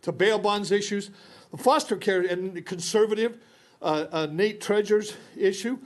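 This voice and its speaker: High-voiced, furious man at the podium, rambling and out of breath. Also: normal speed. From Newberry Springs, California. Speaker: public commenter. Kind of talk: public comment speech.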